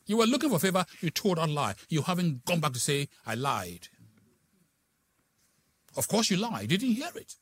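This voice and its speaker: Animated preacher with big swings. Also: male voice, sits high, moderate pace, husky. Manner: dramatic swings from soft asides to loud exclamations. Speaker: pastor. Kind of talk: sermon.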